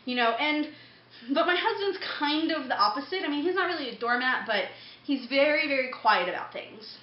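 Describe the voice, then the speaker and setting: Blunt, animated young woman vlogging. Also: high-pitched. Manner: blunt and profane, quick-tempered storytelling. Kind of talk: casual storytelling to camera. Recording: dull echoey room recording with faint hum.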